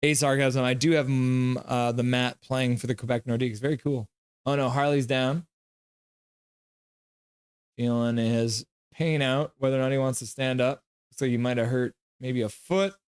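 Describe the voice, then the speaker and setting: Guy running a hockey watch stream, reads chat out loud, jokey, smooth clear voice, dry sound. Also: mid-range voice, fairly even intonation, normal speed, no echo. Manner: chatty, jokes and breaks into play-by-play. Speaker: live stream host. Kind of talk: live hockey reaction stream, reading chat aloud.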